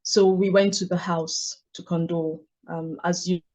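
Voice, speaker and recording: Woman, author, measured, reflective storytelling, book club talk. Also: on the low side, level tone, a little mellow. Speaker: author and guest.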